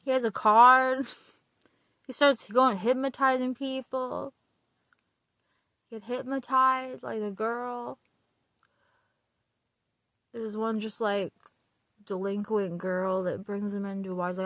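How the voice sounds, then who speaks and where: A woman's voice: fairly high pitch, fairly even intonation, takes it slowly, long pauses, fairly bright tone, dry recording. Giggly rambling woman vlogger, dry close mic. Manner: rambling, laughing often, retells scenes with quoted lines. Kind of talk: casual book chat while getting ready.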